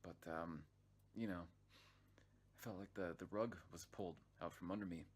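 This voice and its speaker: A man with a low voice tells a personal story in loose, unscripted narration. He swears often, loses his thread, and restarts his sentences. His delivery stays casual and conversational throughout. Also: steady tone, normal speed, breathy edge. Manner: rambling, swears freely, many restarts and fillers. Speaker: vlog narrator.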